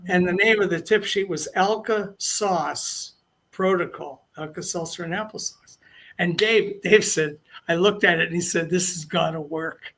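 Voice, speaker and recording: A man's voice: high-pitched, moderate pace, bright, forceful tone. An older man telling long anecdotes as an interview guest, rambling and restarting his sentences. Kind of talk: casual storytelling interview.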